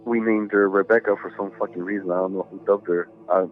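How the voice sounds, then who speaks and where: A low-pitched, steady male voice talks fast, with faint music behind it. He's a podcast guest casually telling a ghost story over a tinny phone-like line, rambling, profane and packed with fillers.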